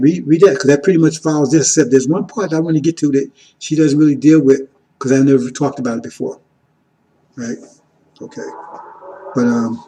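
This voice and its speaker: A man giving an informal teaching sermon, repeating "See?" and "right?", moving between loud emphatic lines and quiet asides. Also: mid-range voice, poor audio. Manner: repetitive, keeps asking "See?" and "right?". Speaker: religious teacher.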